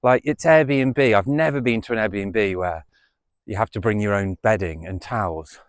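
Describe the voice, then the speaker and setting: A vlogger from the United Kingdom with a lowish voice speaks at a moderate pace, casually telling a story to camera with lots of rambling, repetition, and fillers. He is outdoors in the wind, using a small camera mic without a windscreen, though the sound is studio quality with no echo.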